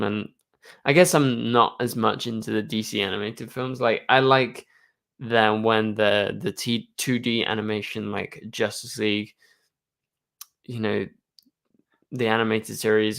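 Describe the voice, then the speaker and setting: Young guy host, lowish voice, rambly live chat with lots of ums and likes. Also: vocal fry, fairly bright tone. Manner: rambling, full of "like" and "um". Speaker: show host answering viewer questions. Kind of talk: casual live-stream chat.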